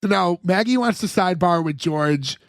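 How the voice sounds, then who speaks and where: High-voiced man recapping a sitcom episode. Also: lively intonation, moderate pace, no echo, studio quality. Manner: retells scenes at length, heavy use of "like" as a filler. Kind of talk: casual chat.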